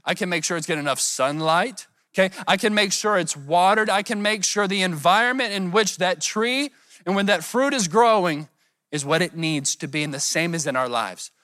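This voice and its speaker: A man's voice: high voice, animated, moderate pace, pushed and bright, dry recording, clean studio sound. A man preaching a sermon in a conversational way, often asking the congregation rhetorical questions and addressing members by name. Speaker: pastor.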